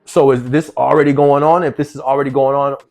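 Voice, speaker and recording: A man's voice: mid-range voice, little pitch movement, fast talker, gravelly, a little mellow, faint music behind. A man from New Jersey talking casually to camera, reading out a news article and reacting to it with rhetorical questions and frequent laughs. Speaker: vlogger.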